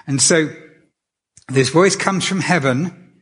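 A man's voice: on the high side, slow, a bit bright, breathy edge. A man preaching a sermon in a conversational way, often restarting his sentences. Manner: conversational, with many restarts and fillers.

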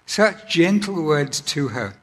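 Earnest preacher, husky, in a reverberant hall. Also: male voice, fairly high pitch, sing-song, takes it slowly. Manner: gentle, earnest, with frequent ums and restarts. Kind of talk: sermon.

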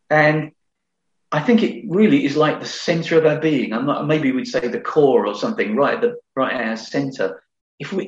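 A middle-aged pastor with a darkish, slightly high voice delivers a conversational, earnest sermon, repeatedly restarting phrases. The recording is a bit dull, with hall echo.

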